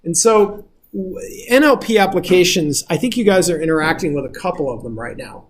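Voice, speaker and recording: A man's voice: high-pitched, lively intonation, brisk, breathy edge. A male instructor giving a casual lecture, explaining step by step and often checking if the class follows.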